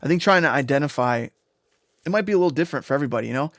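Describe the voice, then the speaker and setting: A man, a music producer on a livestream, explaining sound design in a rambling, excitable way, often swearing and tagging lines with "right?" and "you know?". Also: on the high side, very fast, no room sound, studio quality.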